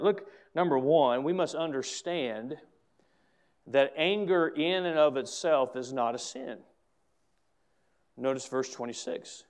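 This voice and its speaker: Male pastor, higher-pitched, fervent preacher with loud emphatic swells and quick asides. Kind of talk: preaching a sermon.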